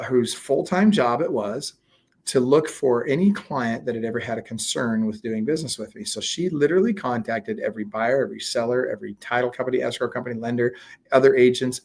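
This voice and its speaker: A man being interviewed, telling a story in a casual, animated way, acting out quoted dialogue with lots of fillers. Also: medium pitch, a little fast, slightly rough. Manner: frequent fillers and restarts. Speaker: guest, real estate coach.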